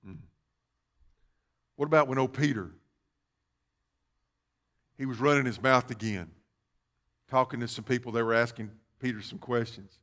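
A man preaching a sermon as pastor, calling out questions to the congregation and rising to loud, fervent passages. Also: mid-range voice, normal speed, pauses often. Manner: call-and-response preaching, rising to loud fervor. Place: church sanctuary.

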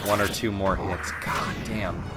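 A man's voice: low voice, fairly even intonation, a little slow. A man casually commentating a video game, rambling, joking and swearing as he plays. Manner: rambling, profane, jokey, self-mocking. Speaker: let's play commentator. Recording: game music playing behind. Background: game music.

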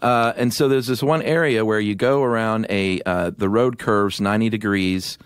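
A middle-aged man co-hosting a podcast, telling a story in a casual, animated way on a studio microphone. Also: lowish voice, normal speed, smooth, no echo. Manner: animated storyteller with restarts and laughs. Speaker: podcast co-host.

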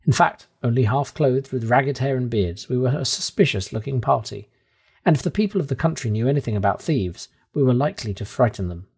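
A man narrating a classic adventure novel aloud, reading the first-person tale with dramatic, animated delivery and bright exclamations. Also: medium pitch, a little fast, vocal fry, breathy edge. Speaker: audiobook narrator. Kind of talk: expressive storybook reading.

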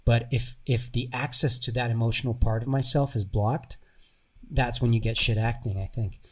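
A young Bulgarian-born man speaking with an American accent. He is an actor telling stories as a guest in a casual interview, animated and sometimes swearing. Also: mid-range voice, normal speed. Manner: animated storyteller, swears, laughs often. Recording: voice a bit far from mic.

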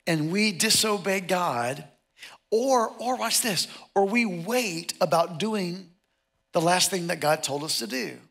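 A middle-aged male pastor preaching a sermon, animated and joking, acting out the people he quotes. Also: high voice, slow, gravelly, pauses often. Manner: animated, jokey, acts out quotes.

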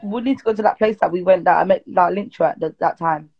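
A woman's voice: on the low side, fast talker, husky. Woman on a live stream, blunt and slangy, kinda dull lo-fi audio. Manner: blunt, slangy, says bruv a lot. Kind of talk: casual chat on a live stream.

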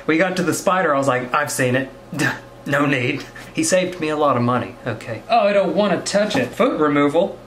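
Animated young man joking to a prop. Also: a little high, brisk, slight background noise. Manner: playful, jokey asides to an object. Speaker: vlogger. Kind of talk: comedic vlog, talking to a prop.

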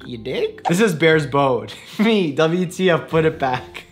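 A man's voice: a little high, expressive, measured pace, loud music behind the voice. A young man, a doctor and video host, joking around playfully in vlog clips and laughing often.

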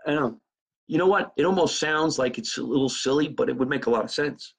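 A man's voice: mid-range voice, quick pace, vocal fry, husky, low-quality recording. A man hosting a comedy podcast, telling a rambling, profane, improvised comic story.

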